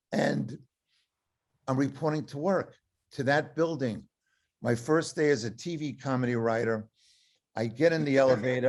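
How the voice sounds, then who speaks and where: A man in his seventies, an author telling a comic story to an audience in an animated, self-deprecating way. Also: mid-range voice.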